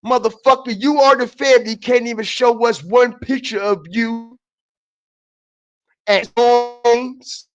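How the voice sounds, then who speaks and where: A man streaming a heated, profane commentary who keeps repeating his points, shifting from low muttering to shouting. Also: fairly even intonation, slow, highs cut off, faint music behind. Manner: repetitive, emphatic, often repeats phrases; profane and confrontational.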